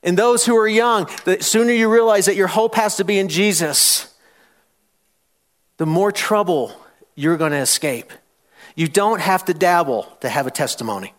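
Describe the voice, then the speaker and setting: A man's voice: sits high, normal speed. A man preaching a sermon in church, reading scripture and calling out questions to the congregation for them to answer. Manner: call-and-response preaching, rising to loud challenges; reads scripture aloud with emphasis. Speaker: pastor.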